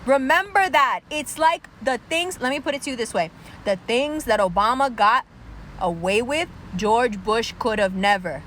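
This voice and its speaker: Fierce high-voiced woman ranting. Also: lively intonation, normal speed, a bit bright, a little hiss or hum. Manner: angry, sarcastic, heavy swearing. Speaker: political commentator. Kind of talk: profane political rant.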